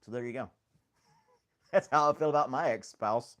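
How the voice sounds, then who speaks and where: A man's voice: medium pitch, moderate pace, a bit bright. A man hosting a casual livestream chat, rambling and joking, laughing often at himself. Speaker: host.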